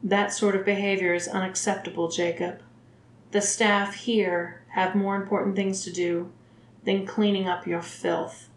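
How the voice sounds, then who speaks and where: A woman's voice: mid-range voice, flat delivery, a little hiss or hum, natural voice. A woman reading as a cool clinical doctor. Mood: formal. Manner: formal, detached, measured. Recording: roomy echo.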